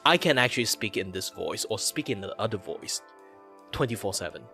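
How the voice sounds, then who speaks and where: A man in his thirties from Malaysia chatting casually, jumping between low and high voices to show them off. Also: very animated, brisk, gravelly, sharp tone, faint music behind. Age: 30s. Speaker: VTuber guest or co-host. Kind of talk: casual chat.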